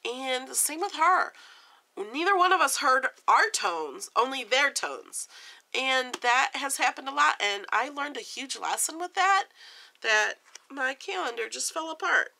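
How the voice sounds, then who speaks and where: A woman's voice: high voice, animated, measured pace, vocal fry, bright, forceful tone. A woman in her forties chatting earnestly to the camera in a casual vlog and giving friendly advice. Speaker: vlogger.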